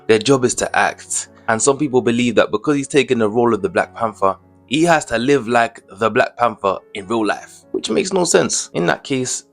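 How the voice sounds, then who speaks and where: A man's voice: mid-range voice, gravelly. A young man giving casual commentary as a vlogger, indignant and slangy, firing off rhetorical questions.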